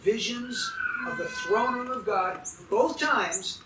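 A man's voice: very high voice, animated, takes it slowly, roomy sound, far from the mic, very noisy. A man preaching a sermon as pastor, emphatic and putting questions to his congregation.

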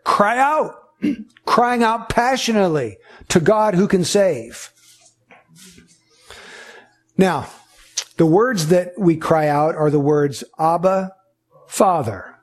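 Pastor, male, husky and high-pitched, earnest sermon delivery with repetitive emphasis.

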